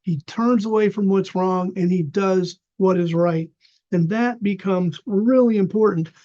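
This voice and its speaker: A man's voice: sits high, measured pace, warm tone. An older man teaching an unscripted Bible study lecture, explaining with fillers and restarts. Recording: dull lo-fi recording.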